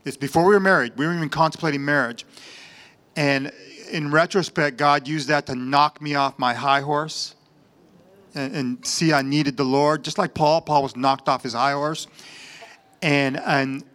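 A man's voice: a little high, steady tone, moderate pace, fairly bright tone. A man giving a plainspoken personal testimony at church, earnest with a light joking touch.

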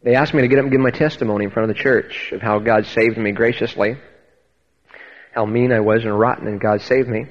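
A man speaks a little fast in a lowish, steady voice, delivering a sermon with his own testimony in a church hall. Earnest and emphatic, he often restarts his words, heard through a dull, echoey, radio-style recording.

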